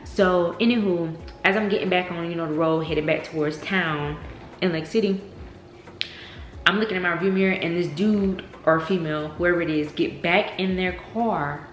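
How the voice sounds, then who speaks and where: A young woman telling a storytime vlog, animated and chatty, often saying "y'all.". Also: on the low side, moderate pace. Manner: animated, addresses viewers as y'all, many fillers. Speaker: vlogger. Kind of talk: casual storytime. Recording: echoey room with faint noise.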